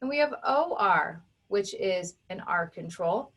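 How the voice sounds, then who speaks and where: A woman teaching an online phonics lesson, speaking clearly and sounding out words one sound at a time for young children. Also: mid-range voice, big pitch swings, measured pace, few pauses, fairly bright tone.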